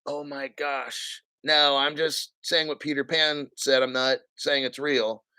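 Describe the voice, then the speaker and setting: A man hosting a crypto stream, ranting in a blunt, profane, combative way and clearing his throat often. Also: mid-range voice, flat delivery, measured pace, pushed and bright, no room sound. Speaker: crypto channel host. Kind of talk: livestream rant.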